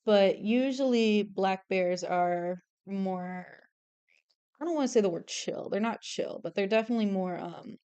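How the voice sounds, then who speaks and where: A young woman chats away casually while drawing on stream, her voice smooth and clean. She gets excitable and swears freely, rambling from one thought to the next. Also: medium pitch, a little slow, dull audio. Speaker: artist streamer.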